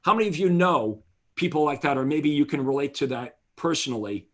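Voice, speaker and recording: A man's voice: on the high side, lively intonation, fairly quick, a bit bright. A man hosting an online real estate conference, speaking in a motivational way and addressing his audience directly. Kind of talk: energetic seminar presentation.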